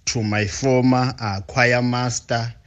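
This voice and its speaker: A South African man from Port Elizabeth leaving a voice note for a radio show, speaking in a hesitant, halting way. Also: medium pitch, little pitch movement, a bit bright, clear, resonant tone, dull audio. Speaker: caller sending a voice note.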